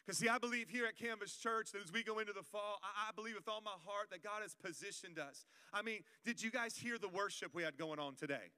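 A man's voice: high-pitched, a little fast, hardly any pauses, pushed and bright, clear, resonant tone. A male pastor preaching a sermon in a conversational, joking way, calling out to the congregation. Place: church auditorium. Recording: long reverb of a church hall.

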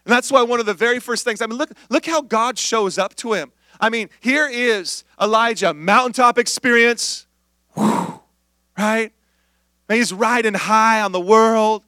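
A male pastor preaching an animated sermon, acting out voices and dropping to near-whispers. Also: high voice, measured pace, no echo, clean studio sound.

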